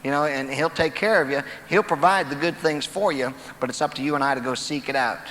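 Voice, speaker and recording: This man delivers a folksy motivational talk from an auditorium stage, entertaining the crowd with jokes and stories. His voice is on the high side, a little fast and somewhat bright. Captured from a distance in a large, echoey hall, the recording carries a little hiss or hum.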